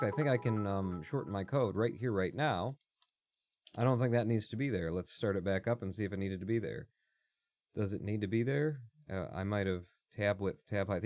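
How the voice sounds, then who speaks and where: A man's voice: on the low side, no echo, studio quality. A man live streaming while he codes, chatting casually in a rambling, joking way that keeps breaking off mid-thought. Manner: rambling, joking, self-interrupting.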